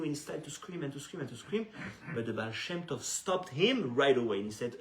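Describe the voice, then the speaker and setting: A man, a rabbi, telling a story in a sermon, animated and often restarting his sentences. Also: mid-range voice, a little fast. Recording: echoey room, faint noise.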